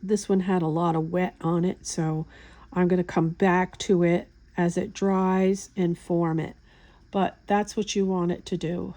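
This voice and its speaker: Craft tutorial host, woman, unhurried chatty step-by-step delivery, mellow tone. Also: on the low side. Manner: relaxed, chatty step-by-step explaining. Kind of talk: hands-on craft demonstration.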